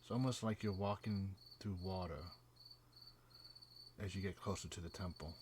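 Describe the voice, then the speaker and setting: A man running a tabletop game as game master, describing the scene slowly and haltingly, with fillers. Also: sits low, fairly even intonation, a little mellow, a little hiss or hum. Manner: slow, hesitant scene narration with fillers.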